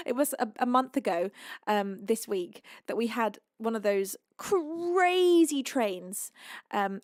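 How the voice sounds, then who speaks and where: A woman's voice: medium pitch, no echo, clean studio sound. A woman from the UK hosting a live music stream, reading out and gushing over viewers' gifts with giggles. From United Kingdom. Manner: bubbly, giggly, gushing with thanks. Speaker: livestream music host. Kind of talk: thanking viewers on a livestream.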